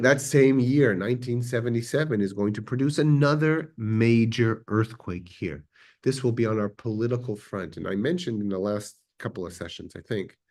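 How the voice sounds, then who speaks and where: A man with a fairly low voice teaches a history class in a synagogue classroom. He talks conversationally, pausing on fillers and correcting himself as he goes. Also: darkish tone. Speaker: adult education teacher.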